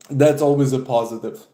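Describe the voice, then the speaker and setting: A man's voice: mid-range voice, warm tone, reverberant, a little hiss or hum. A young man from Serbia chatting casually on a livestream, out of breath after push-ups and swearing often. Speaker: streamer.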